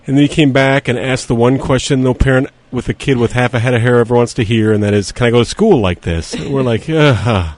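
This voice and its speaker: A man's voice: medium pitch, steady tone, fast, few pauses, a little mellow. A middle-aged man, a regular guest columnist, chatting casually on a radio show and telling a family story with easy humor and frequent laughs. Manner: joking and storytelling, laughs often. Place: radio studio.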